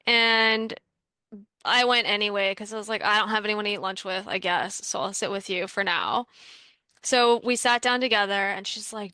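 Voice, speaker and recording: A woman's voice: medium pitch, moderate pace, sharp tone, no echo. A young woman from Canada telling a personal story in a casual, chatty way, full of "like" fillers, as a workshop participant.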